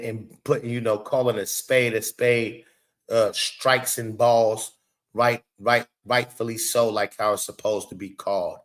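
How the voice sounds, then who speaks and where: A man hosting a casual live stream, animated, swearing and talking back to his chat. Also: medium pitch. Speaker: show host.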